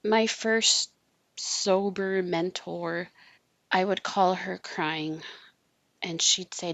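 A woman guest sharing personal stories earnestly, sometimes dropping to a soft whisper. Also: lowish voice, very slow, dry recording. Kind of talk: personal storytelling in conversation.

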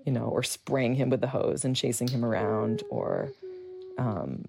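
A woman's voice: very deep voice, a little slow, gravelly. A woman who works as a hospital chaplain, recalling her experiences in a candid, rambling interview. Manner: animated, rambling storytelling with fillers.

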